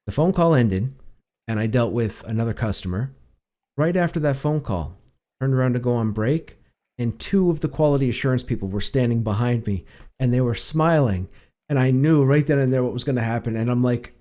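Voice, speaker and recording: A man streaming and casually telling a long story, rambling with frequent restarts, in a calm voice that others call soothing. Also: medium pitch, brisk.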